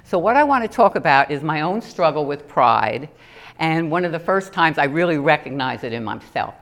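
A middle-aged woman giving an earnest personal testimony in a sermon, telling stories with animated asides. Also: low voice, normal speed, gravelly. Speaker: lay preacher.

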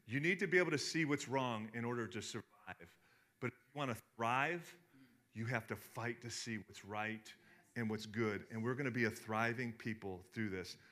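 Guy preaching a sermon, super bright voice, gets hushed then loud, repeats stuff. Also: medium pitch. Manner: animated, swings from hushed to loud, repeats himself. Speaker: pastor.

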